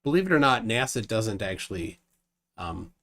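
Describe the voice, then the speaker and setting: A man's voice: fairly low pitch, very animated, a bit bright. Rambling male livestream host. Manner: rambling, halting with restarts and fillers. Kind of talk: casual live debate stream.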